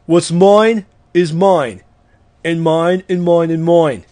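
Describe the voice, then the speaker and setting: A man's voice: on the high side, takes it slowly, dark tone. A man doing an impression of a boastful, blustering businessman, chanting in a pompous way.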